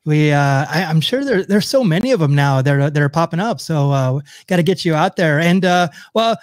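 A man's voice: on the high side, a little fast, dry recording, studio quality. A man hosting a podcast in a casual way, introducing co-hosts and stumbling over his words now and then. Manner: relaxed, many fillers and restarts introducing co-hosts. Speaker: podcast host. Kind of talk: casual chat.

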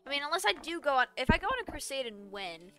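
A young woman streaming a game, reacting out loud with casual swearing and bursts of dramatic pleading. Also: sits high, very animated, quick pace. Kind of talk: casual live game commentary. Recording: faint game music behind.

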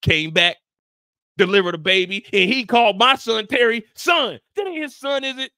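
A man voicing a hurt, stubborn middle-aged husband who complains in a low, wounded voice. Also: normal speed, pushed and bright, clean tone, no echo, clean studio sound.

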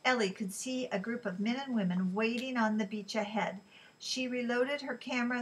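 A woman's voice: mid-range voice, rough recording. Woman narrating an audiobook. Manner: steady, even storytelling. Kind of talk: scripted narration.

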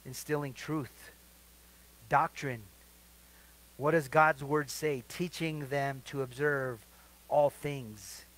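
A middle-aged male pastor leading a midweek Bible study sermon, asking the congregation to fill in verses and swinging between quiet asides and loud emphatic lines. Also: medium pitch, fairly even intonation, slow pace, pauses often, low-quality recording. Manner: asks the congregation questions to fill in verses, then answers them.

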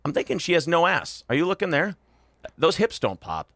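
A male morning-show host riffing crudely on a news story, loud and mocking, laughing at his own jokes. His voice sits a little high and sounds bright and forceful, recorded close and dry. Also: big pitch swings, fairly quick, no echo.

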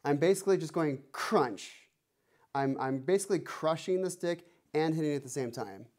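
A man's voice: on the high side, moderate pace, darkish tone. A man teaching a one-on-one drum lesson, playful and teasing, counting beats aloud. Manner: playful, teasing, mock-threatening. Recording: noisy room with drum clicks.

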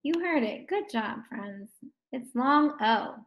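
A woman's voice: sits high, lively intonation, takes it slowly, lo-fi sound, slight background noise. A woman teaching a recorded phonics lesson to first graders, sounding out words and praising the children.

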